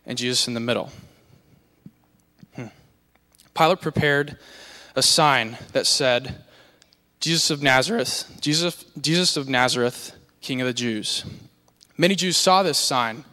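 A man's voice: medium pitch, sharp tone. A man earnestly reading scripture aloud, stumbling over a few words. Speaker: scripture reader. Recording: long hall reverb.

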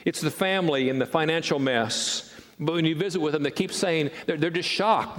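A middle-aged man preaching a sermon in a church sanctuary, telling stories with animated restarts and repeated words. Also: on the high side, moderate pace. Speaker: pastor. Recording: long reverb of a large sanctuary.

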